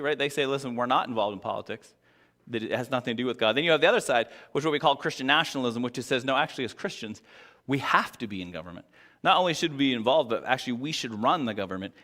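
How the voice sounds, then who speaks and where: A male pastor preaching a casual sermon, often asking the congregation questions and swinging between loud and soft. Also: medium pitch, fast talker. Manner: conversational, asks the congregation questions, lively swings in loudness. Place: church hall. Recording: long church hall reverb.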